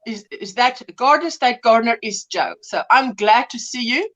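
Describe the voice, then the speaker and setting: Chatty woman in her fifties, high voice, livestream host greeting viewers. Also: normal speed, a bit bright. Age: 50s. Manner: chatty, laughs often, drifts between greetings and stories. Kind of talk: casual chat reading viewer comments.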